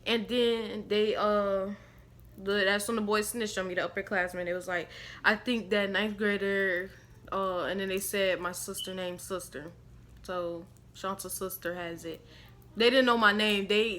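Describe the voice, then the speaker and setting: A woman's voice: mid-range voice, fairly bright tone. A woman casually telling a rambling, slangy story to her viewers, laughing along as she goes. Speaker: storytime vlogger.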